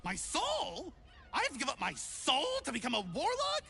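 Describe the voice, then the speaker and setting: A woman voicing an eager, chatty small male would-be adventurer in a video game, talking in an excitable, theatrical way. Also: high voice, moderate pace, creaky, faint music behind, heavily acted.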